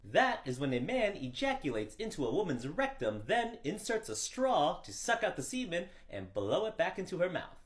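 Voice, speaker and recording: A man's voice: high voice, huge pitch swings, normal speed, few pauses. A man acting out a comedy skit of hospital scenes, flipping between an exasperated staffer and clueless characters. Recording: echoey room.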